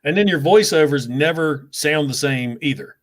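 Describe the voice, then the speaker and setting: A man's voice: fairly high pitch, normal speed. A man hosting a casual chat with a fellow creator, talking freely and laughing often. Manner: chatty, laughs often, animated when telling stories. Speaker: show host interviewing a fellow creator.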